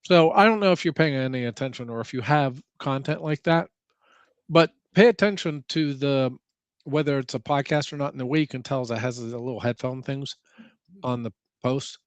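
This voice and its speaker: A man's voice: medium pitch, moderate pace, clean tone, dry recording. A man co-hosting a podcast, explaining things conversationally, step by step. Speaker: podcast co-host. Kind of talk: casual chat.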